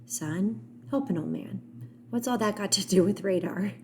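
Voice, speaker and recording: A woman reading an audiobook voices a gruff, grieving older man who is kind underneath. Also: medium pitch, normal speed, mellow, a little hiss or hum, close to an everyday voice. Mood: gentle. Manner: gruff, plain-spoken.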